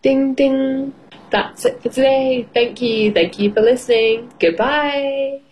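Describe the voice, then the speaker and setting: A woman's voice: on the high side, unhurried, a little mellow, slight background noise. A woman hosting a children's English lesson on the radio, reading a storybook aloud and encouraging listeners with questions. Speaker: English teacher and radio host.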